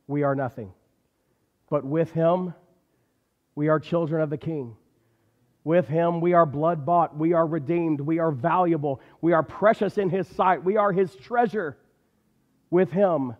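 Emphatic preacher in a reverberant hall. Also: male voice, on the high side. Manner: emphatic, repetitive cadence. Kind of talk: sermon. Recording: dull recording with long hall reverb.

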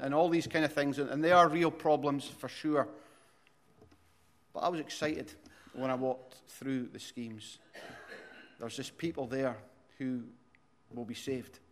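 A man in his forties with an Aberdonian Scottish accent preaches to his congregation. His voice sits a little high for a man. He talks earnestly, often restarting phrases, and gets louder as he tells a story. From Aberdeen, Scotland. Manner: earnest preacher, frequent restarts, rises in volume when telling stories. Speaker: pastor. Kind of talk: sermon.

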